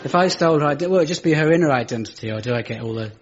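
Lively-voiced British comic, lo-fi radio. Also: male voice, very fast, very noisy. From Britain. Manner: dry, self-mocking, rises to exasperated high pitch. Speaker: stand-up comedian and radio show host. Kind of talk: stand-up comedy monologue with audience questions. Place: studio with live audience.

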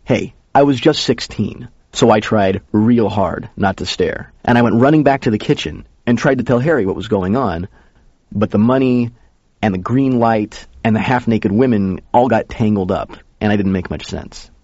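A man's voice: fairly low pitch, moderate pace, darkish tone, dry recording. A man narrating a first-person story in a casual, conversational way. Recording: dull lo-fi recording.

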